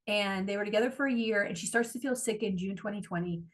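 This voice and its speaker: A woman's voice: mid-range voice, fast talker. A woman co-hosting a podcast, chatting casually and animatedly, gushing and swearing freely. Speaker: podcast co-host. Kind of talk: casual chat.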